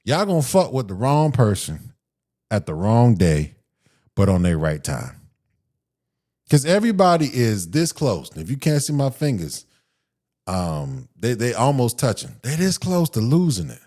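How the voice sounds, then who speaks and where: A man's voice: medium pitch, measured pace. A man riffs alone on his podcast, worked up and profane, and he often drops into mocking impressions of other people. His voice swings widely up and down as he hammers his points home. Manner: animated, profane, ranting with mocking quoted voices. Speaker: podcast host. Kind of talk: solo podcast rant.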